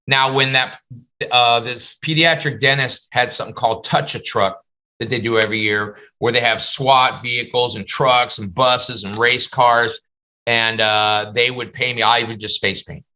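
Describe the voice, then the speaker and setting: A man's voice: mid-range voice, steady tone, moderate pace, pushed and bright, slight background noise. Chatty man teaching over a video call. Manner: chatty, storytelling, slips into comic voices. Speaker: face painting instructor.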